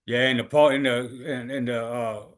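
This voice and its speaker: A man's voice: mid-range voice, fairly even intonation, moderate pace. A man hosting a casual video reaction show, easygoing and choosing his words carefully as he explains. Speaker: host running a reaction show.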